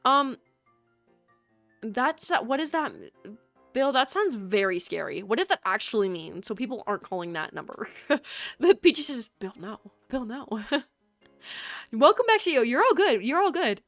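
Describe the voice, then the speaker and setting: A woman's voice: a little high, big pitch swings, normal speed, long pauses, a bit bright, dry recording, faint music behind. A woman streaming a video game, chatting casually with her viewers, teasing and laughing often.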